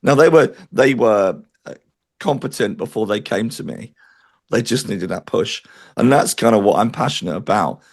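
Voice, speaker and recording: A man's voice: on the low side, animated, normal speed, creaky, a little mellow, husky. A man interviewed as a spiritual medium, talking in an earnest, chatty way and telling stories. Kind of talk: interview conversation.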